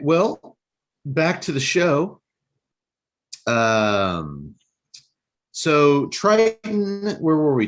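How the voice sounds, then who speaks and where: A man co-hosting a casual podcast, telling a movie plot as a joking storyteller. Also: fairly low pitch. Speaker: podcast co-host. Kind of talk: casual chat and movie recap.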